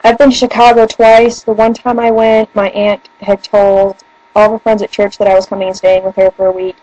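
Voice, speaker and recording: A woman's voice: mid-range voice, little pitch movement, brisk, mellow, no echo, dull audio. A young woman with a northern US accent, chatting casually in a rambling, giggly way. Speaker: vlogger. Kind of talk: casual chat. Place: room at home by a bookshelf.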